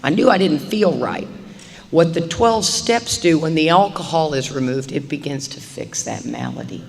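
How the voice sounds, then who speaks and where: A middle-aged woman giving a recovery talk to a live meeting audience, animated and acting out little dialogues as she goes. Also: low voice, normal speed. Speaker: AA meeting speaker. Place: meeting hall. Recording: reverberant live hall recording, faint hiss.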